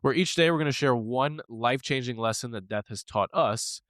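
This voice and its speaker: A man's voice: medium pitch, brisk, fairly bright tone, no echo. A man co-hosting a podcast, telling a personal story candidly and with animation, laughing now and then and swearing casually. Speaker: podcast co-host.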